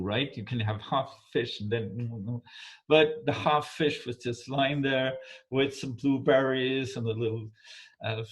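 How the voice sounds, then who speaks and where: Guy telling a troll story, stops and restarts a lot, keeps asking "right?". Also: medium pitch. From Denmark. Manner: halting, warm, repeats words, asks listener for agreement. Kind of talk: oral folk storytelling.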